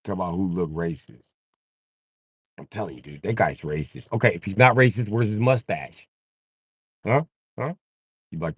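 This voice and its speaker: A man's voice: sits low, moderate pace, pauses often, slightly rough, no echo. A young man riffing crudely on a live comedy stream, jumping into voices. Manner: crude, animated, jumps into voices.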